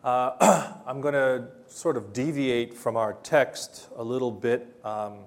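Slow, hesitant male preacher. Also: medium pitch, fairly even intonation. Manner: hesitant, many ums and uhs, gentle storytelling. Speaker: pastor. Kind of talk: sermon.

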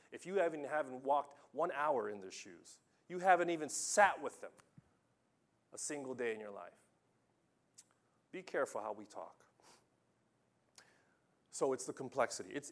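A man preaching a sermon in an animated storytelling way. He swings from loud, urging lines to hushed, quiet ones, with a voice at an ordinary pitch for a man.

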